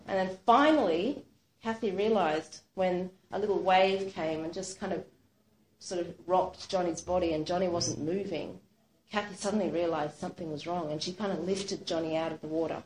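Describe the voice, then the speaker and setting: A woman retelling a true story aloud, animated and casual, with lots of "sort of" and "like". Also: fairly low pitch, normal speed, slight background noise. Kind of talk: spoken storytelling. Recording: roomy echo.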